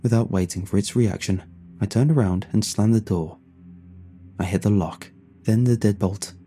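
A man narrating a first-person horror story in a hushed, tense and grief-laden way. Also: on the low side. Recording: soft music underneath.

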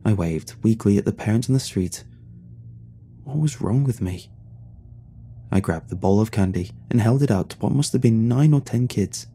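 A man narrating a first-person horror story in a hushed, tense and grief-laden way. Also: lowish voice, expressive, normal speed, a little hiss or hum. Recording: soft music underneath.

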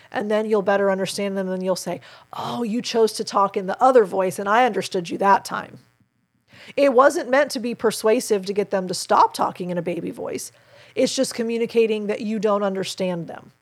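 Earnest woman counselor explaining. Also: mid-range voice. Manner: earnest, explanatory, warmly encouraging. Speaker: child play therapist and podcast host. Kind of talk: podcast advice segment answering a listener question.

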